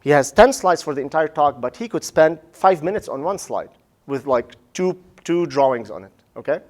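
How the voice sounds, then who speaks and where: Animated high-voiced man lecturing. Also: moderate pace. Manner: lively, animated, acts out listeners' reactions; casual, says "man" and "right?". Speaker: professor. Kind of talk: lecture on public speaking.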